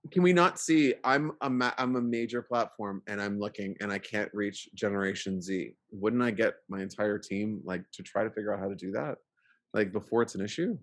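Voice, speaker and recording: A man's voice: on the low side, a little fast. A man co-hosting a podcast in casual chat, rambling with lots of fillers and restarts. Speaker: podcast co-host.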